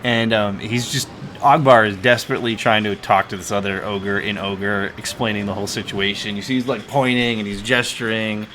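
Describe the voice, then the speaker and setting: Male game master, casual rambler, low and bright, faint noise behind. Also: fairly even intonation, brisk. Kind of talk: narrating a tabletop game.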